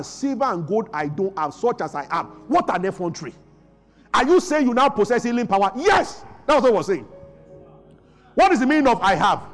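A man preaching a sermon as pastor, asking the congregation questions and answering them himself. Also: sits high.

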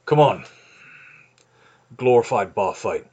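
A man voicing a calm, wry tavern man who brushes off a brawl in a quiet, low-key way. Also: takes it slowly, highs cut off, a little hiss or hum. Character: calm, wry man settling a bar-fight tab.

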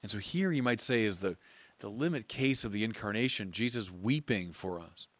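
A priest preaching a sermon in an earnest, measured way with emphatic pauses. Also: male voice, lowish voice, animated, fairly bright tone, no echo.

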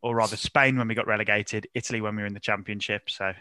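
A man hosts a casual football chat show in a bright, forward voice. He jokes and teases the guests, laughing easily, recorded close and dry with no room sound. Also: fairly low pitch, flat delivery, fast talker, clear, resonant tone, no echo. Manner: joking, teasing, laughs often. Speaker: podcast host.

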